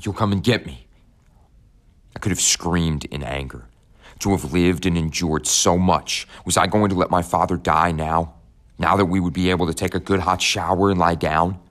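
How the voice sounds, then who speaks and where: A man narrating an audiobook in the first person, in a measured, somber tone. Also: low-pitched, steady tone, fairly bright tone.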